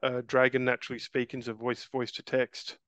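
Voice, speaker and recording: A man's voice: medium pitch, level tone, fairly quick, fairly bright tone, clean tone, dry recording. A man in his forties, a guest in a casual interview, who talks earnestly, restarts and repeats words often, and calls the host mate. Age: 40s.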